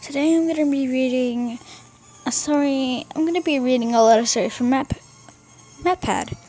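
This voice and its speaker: A woman's voice: high-pitched, a little fast, warm tone, soft background music. A young woman casually reading a fan fiction story aloud, often stumbling and rereading words.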